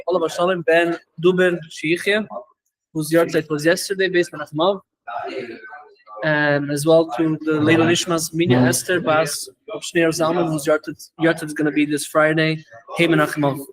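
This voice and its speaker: A man teaching a Torah class as a rabbi, talking quickly with many fillers and restarts and mixing in Hebrew and Yiddish terms. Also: a little high, little pitch movement, low-quality recording. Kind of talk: lecture.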